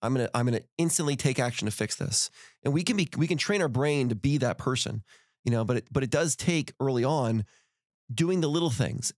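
A man in the middle of a motivational podcast story. His voice sits at an ordinary pitch and jumps up with energy when he acts out the people in his stories. The sound is dry and close to the mic. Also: a little mellow, dry recording. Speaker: podcast guest and author.

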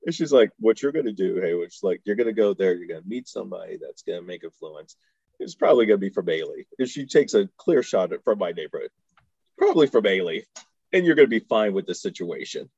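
A man from Houston tells stories on a podcast, his low, husky voice rising and falling a lot as he laughs and acts out the voices of people he quotes. The sound is close and dry, with a dull, lo-fi edge. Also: lively intonation, quick pace, few pauses, darkish tone, no echo. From Houston, Texas. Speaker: podcast guest. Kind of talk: casual storytelling.

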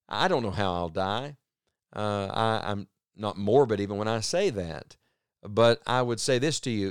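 A man's voice: fairly low pitch, smooth, dry recording, clean studio sound. A man preaching a sermon earnestly, his voice rising and falling for emphasis. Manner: earnest, rises and drops for emphasis.

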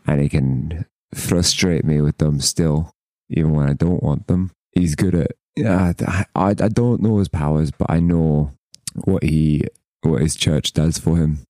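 Deep, dark-voiced man role-playing a character. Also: steady tone, unhurried, dry recording, clean studio sound. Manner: wry, swears casually. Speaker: player. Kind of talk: in-character tabletop role-play.

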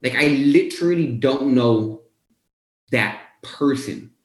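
A young man talks straight to his viewers about his own turnaround, casual and lively, slipping into the voices of his past self. His voice sits in a middle range. A roomy echo hangs around it. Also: medium pitch, slow. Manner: animated, casual, acts out his own quotes. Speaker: weight-loss coach. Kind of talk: motivational storytelling to viewers.

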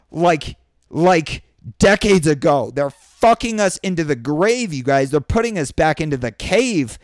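A man in a profane political rant, angry and sweary, breaking into shouted bursts, recorded indoors. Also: high-pitched, smooth, no echo, clean studio sound. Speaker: vlogger. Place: indoors during a thunderstorm.

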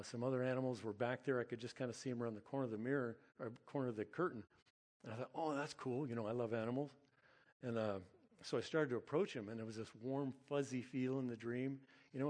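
A middle-aged man preaching with an earnest, animated delivery. His voice sits at an ordinary middle pitch, and he breaks into an occasional chuckle as he recounts a dream. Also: big-room sound. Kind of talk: sermon-style storytelling.

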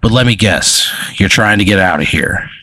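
A man's voice: low-pitched, moderate pace, pushed and bright, no echo. A man voicing a jaded, cynical male eraser creature who talks in a weary, sarcastic drawl.

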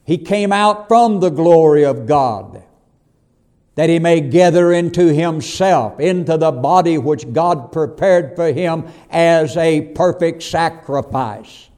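Male preacher, slow emphatic sermon delivery, warm low-lit tone, fond "hon" asides. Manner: slow, emphatic preaching with swells and drops in volume; calls listeners "hon".

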